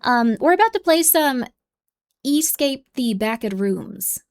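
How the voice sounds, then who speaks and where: A woman's voice: high voice, expressive, takes it slowly. A young adult woman streaming live, chatting casually and bubbly, playfully scolding and dropping into whispers.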